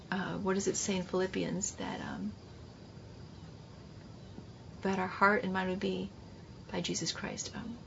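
A woman's voice: lowish voice, creaky. Woman Bible teacher, emphatic preaching, dull lo-fi sound, faint hiss. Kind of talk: sermon-style class teaching. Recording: dull lo-fi recording.

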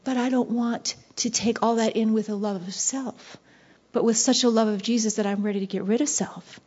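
Passionate woman preacher, soft then intense. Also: on the high side, steady tone, normal speed, slightly rough. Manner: passionate, shifting between soft whispers and bursts of intensity. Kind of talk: devotional sermon. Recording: dull lo-fi recording.

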